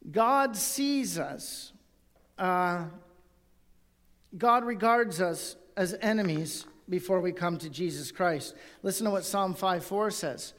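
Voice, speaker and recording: A man's voice: high-pitched, a little slow, big-room sound. A male pastor preaching a sermon and reading scripture aloud, in an earnest tone.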